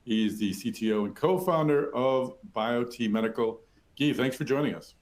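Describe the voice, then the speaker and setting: A man's voice: medium pitch, moderate pace. A man hosting a virtual industry talk, chatty and self-deprecating, with many fillers. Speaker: webinar host.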